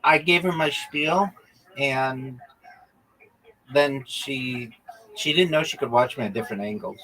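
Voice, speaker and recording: A man's voice: mid-range voice, measured pace, sharp tone, poor audio. A man livestreaming a game, teasing and swearing at his teammates and telling chatty stories in which he acts out both sides of a conversation. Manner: profane, teasing banter with teammates; chatty storytelling, acting out quoted exchanges. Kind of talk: casual gaming livestream chat.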